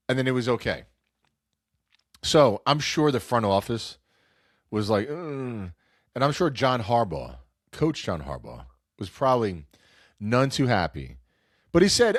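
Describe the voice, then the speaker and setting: Stuffed up and nasal from a cold, this man hosts a casual sports talk show, rambling, interrupting himself, and performing quotes. His medium-pitched voice is animated but a little slow, with long pauses, in a studio-quality recording without echo.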